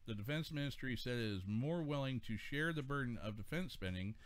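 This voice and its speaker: Guy in his 40s hosting a radio show, reads the news then cracks jokes, mid-pitched voice. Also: lively intonation, fairly quick. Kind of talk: casual talk radio banter.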